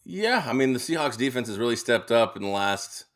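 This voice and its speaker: Man, middle pitch, sports co-host, casual betting talk, filler-heavy, rambling. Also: sing-song, a little fast, fairly bright tone.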